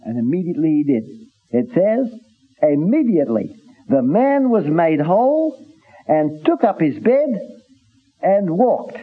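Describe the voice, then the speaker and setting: A man preaching a sermon in an earnest, halting way, with many restarts, reading scripture in old-fashioned phrasing. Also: on the high side, sing-song, slightly rough. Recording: tinny phone-like recording.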